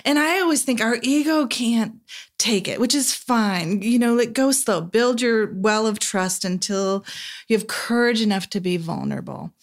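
A woman, a therapist, talking through an idea in a relaxed podcast chat, now and then acting out quoted voices softly. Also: fairly high pitch, moderate pace. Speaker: therapist guest. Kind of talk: casual podcast conversation.

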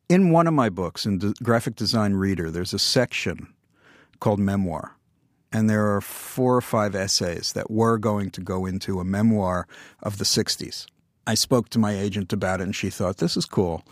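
Older male guest, wry anecdotal delivery, deadpan asides, dry studio read. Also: fairly low pitch, dry recording. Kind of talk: conversational interview storytelling.

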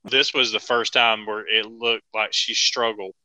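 A man's voice: lowish voice, little pitch movement, measured pace, pushed and bright, no room sound, low-quality recording. A man co-hosting a wrestling podcast, chatting casually, laughing often and recapping matches move by move. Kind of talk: casual chat.

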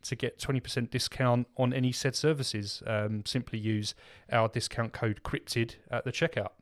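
A man's voice: mid-range voice, steady tone, normal speed. A man co-hosting a podcast in casual chat, rambling with lots of filler words and restarts. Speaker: podcast co-host.

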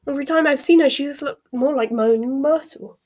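A woman's voice: high-pitched, a little fast, a little mellow, voice pushed up, lightly acted. A woman voicing a sarcastic, offhand teenage boy wizard.

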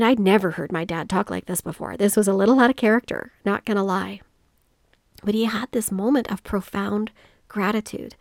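A woman's voice: medium pitch, brisk, vocal fry, a little mellow, dry recording, studio quality. A woman hosting a solo motivational podcast, telling a personal story in an earnest, reflective way. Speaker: podcast host.

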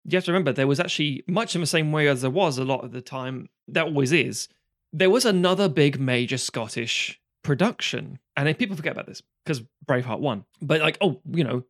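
Brief: male co-host, rapid rambling talker, curses casually, dry studio sound. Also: fairly high pitch, expressive, fairly bright tone, no room sound. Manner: fast, rambling, swears freely, frequent restarts. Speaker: podcast co-host. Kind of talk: casual film discussion.

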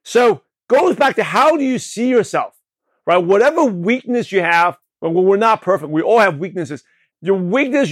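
A man from Brooklyn, New York, hosting a show and giving an energetic motivational talk on network marketing, with a slight lisp, often checking in with the listener. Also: sits high, dry recording. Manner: energetic, repetitive, asks the listener questions. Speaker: podcast host, network marketing coach.

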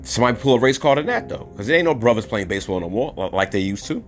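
A man's voice: medium pitch, lively intonation, rapid-fire, faint music behind. A man from New City, hosting a podcast monologue in a blunt way, repeating words for emphasis. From New York City. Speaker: podcast host. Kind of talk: opinionated monologue.

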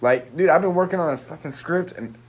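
A man's voice: on the high side, a little fast, breathy edge. A young man ranting alone on a podcast, swearing constantly and rambling in frustration, recorded on a phone microphone. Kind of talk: frustrated solo podcast rant.

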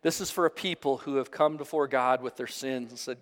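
A man's voice: medium pitch, brisk, few pauses, in a large hall. A male pastor giving an earnest, emphatic sermon. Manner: earnest, emphatic, preaching with strong rising stresses.

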